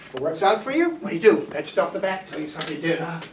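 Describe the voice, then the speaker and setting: A woman's voice: sits low, lively intonation, racing. A woman teaching a class, coaxing answers from students with questions. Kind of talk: classroom lesson. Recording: echoey classroom from far off, noisy.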